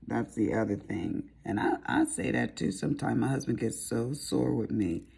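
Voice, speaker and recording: Chatty, folksy Southern woman with a gravelly, low, dark voice. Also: expressive, normal speed, hardly any pauses. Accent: Southern American. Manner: chatty, rambling, folksy asides. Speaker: crafting vlogger. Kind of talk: casual chat while diamond painting.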